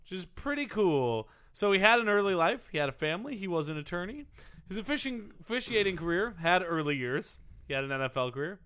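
A man's voice: high-pitched, lively intonation, fast, fairly bright tone, clear, resonant tone. A man co-hosting a casual chat podcast, reading facts aloud with jokey asides. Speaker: podcast co-host reading a biography.

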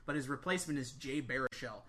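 A comedian on a comedy podcast, eagerly pitching ideas in a rambling way with many restarts. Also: fast, over a noisy crowd.

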